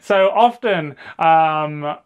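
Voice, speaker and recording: English guy, fairly high voice, chatty upbeat podcast co-host. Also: very slow, clear, resonant tone, narrow, tinny audio. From England. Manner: chatty, upbeat, laughs easily. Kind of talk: casual educational podcast chat.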